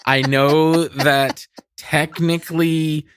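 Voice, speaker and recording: A man's voice: a little high, little pitch movement, very slow, a bit bright, clear, resonant tone, no room sound. A man co-hosting a podcast, ranting cynically in casual chat, swearing and laughing often. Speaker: podcast co-host.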